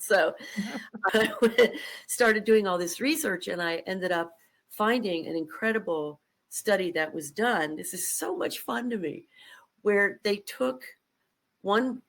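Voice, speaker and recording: An older woman telling a story as a podcast guest, with animated, emphatic delivery. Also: mid-range voice, low-quality recording. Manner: animated, emphatic, acts out quotes. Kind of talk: conversational storytelling.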